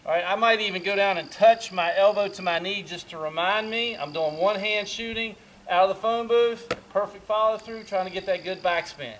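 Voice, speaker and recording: A man who directs parks and recreation, coaching basketball drills outdoors with quick, encouraging cues. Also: sits high, a bit bright, a little hiss or hum.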